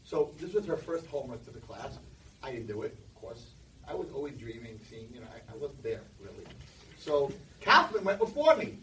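A man's voice: mid-range voice, fairly quick, a little hiss or hum. A man giving a humorous speech, telling a childhood story and acting out the characters. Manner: animated, acts out the characters. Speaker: speaker. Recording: roomy echo from far off.

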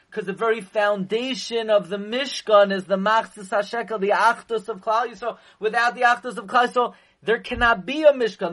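A man teaching a sermon in a slow, emphatic way, sometimes chanting verses in a singsong and hitting words with sudden loud stresses. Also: high voice. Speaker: rabbi teaching Torah.

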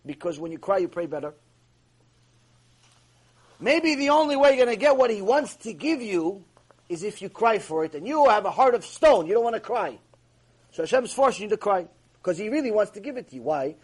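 A man's voice: high voice, big pitch swings, fairly quick, long pauses, husky. A man giving a mussar lecture as a Torah teacher. He is emphatic, repeats himself and asks many rhetorical questions.

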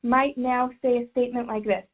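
A woman's voice: a little high, fairly even intonation, a little fast, dull audio. A woman teaching a religious class mixed with life coaching, explaining step by step and repeating phrases as she thinks.

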